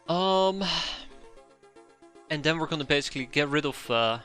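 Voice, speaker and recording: A man's voice: fairly high pitch, lively intonation, normal speed, fairly bright tone, faint music behind. A man streaming a strategy game, chatting casually and rambling upbeat with many ums and restarts. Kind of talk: casual let's-play commentary.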